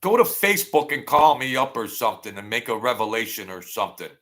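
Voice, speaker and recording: A man's voice: mid-range voice, sing-song, fast talker, fairly bright tone. A man hosting a casual livestream, rambling and thanking viewers by name as he reads their comments. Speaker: channel host.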